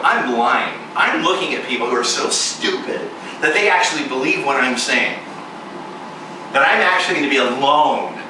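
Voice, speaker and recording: A man preaching a sermon, telling a story and acting out the dialogue in it with lively energy. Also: mid-range voice. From United States. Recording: echoey room recorded from a distance, clear background noise.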